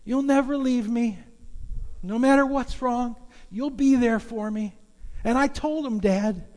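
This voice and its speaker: A man doing a high-voiced trusting little boy. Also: a little slow, a little mellow, big-room sound. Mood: pleading. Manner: high pleading child's voice. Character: young boy trapped under rubble, trusting and hopeful.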